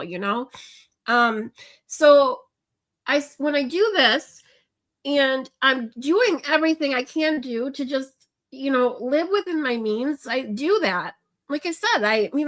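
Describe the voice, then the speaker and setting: A woman's voice: high voice, pushed and bright. A woman hosting a livestream, talking to her viewers in a casual, ranting way through tears, with lots of restarts and fillers. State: crying. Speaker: livestream host.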